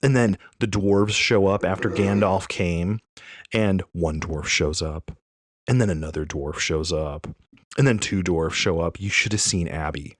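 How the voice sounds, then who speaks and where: A man in his thirties chatting on a podcast, telling an animated, rambling story and correcting himself as he goes. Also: deep voice, a little slow, dry recording. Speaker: podcast co-host. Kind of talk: casual chat.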